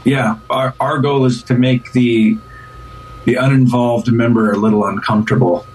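A man's voice: mid-range voice, steady tone, normal speed, darkish tone, far from the mic, slight background noise, poor audio. A man who is a pastor, speaking as a guest in an earnest, casual interview, often repeating and restarting words.

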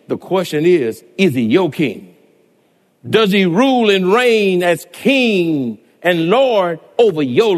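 Preaching man in a reverberant church. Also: a little high. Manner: rising to shouted, drawn-out exclamations, calls congregation to respond. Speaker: pastor. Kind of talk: sermon.

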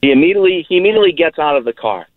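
A man calls in to a talk radio show over a thin, tinny phone line. His slightly high voice swings up and down a lot as he insists on his point. He keeps saying "listen" and "okay" to hold the floor. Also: lively intonation, rapid-fire, dry recording. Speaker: caller. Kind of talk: radio call-in debate.

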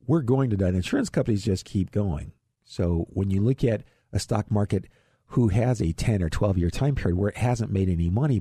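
A man's voice: on the low side, mellow, husky, no echo, clean studio sound. A middle-aged man from Ohio hosting a radio show on investing, talking in a folksy way with chuckles and restarts. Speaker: radio show host, financial advisor. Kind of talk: casual radio talk on investing.

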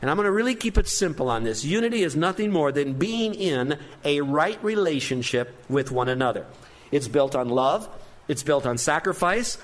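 A man's voice: a little high, fairly bright tone. A man preaching a sermon as pastor, earnest and emphatic, with rising stresses on key points.

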